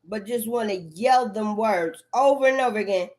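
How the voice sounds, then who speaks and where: A woman's voice: mid-range voice, normal speed, a little mellow. A woman in a rambling, profane monologue, full of cursing and repetitive outbursts.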